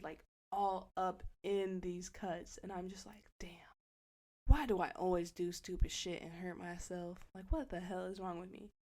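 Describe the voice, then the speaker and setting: A young woman co-hosting a podcast, telling a story casually with lots of swearing and loud acted-out quotes. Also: on the low side. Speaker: podcast co-host.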